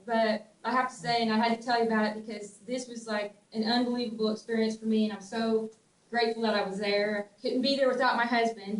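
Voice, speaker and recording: A middle-aged woman with a Southern US twang, telling stories in a casual, animated way, laughing often and restarting her sentences. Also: on the high side. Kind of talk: casual storytelling. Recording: echoey room, distant mic, faint ambient noise.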